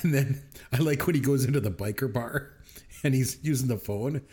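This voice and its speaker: A man co-hosting a podcast, recounting movie scenes with enthusiasm and quick quoted voices. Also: medium pitch, a little mellow. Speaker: podcast co-host. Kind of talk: casual movie review chat.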